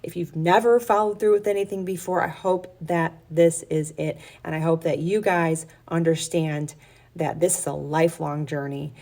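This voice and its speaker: A woman's voice: deep voice, steady tone, moderate pace, mellow. A woman fitness coach giving an earnest, encouraging and emotional pep talk in a casual vlog. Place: her workplace on an off day.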